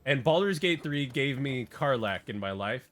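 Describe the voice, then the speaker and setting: A man's voice: medium pitch, animated, normal speed, fairly bright tone. A man chatting casually on a gaming stream, rambling and joking with lots of fillers and restarts.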